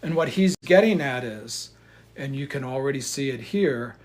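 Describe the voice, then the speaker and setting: A man's voice: mid-range voice, lively intonation, moderate pace, darkish tone, slight background noise. A man hosting his own channel, reacting bluntly to a video clip, rambling with profanity. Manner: blunt, swearing, rambling asides. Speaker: commentary channel host.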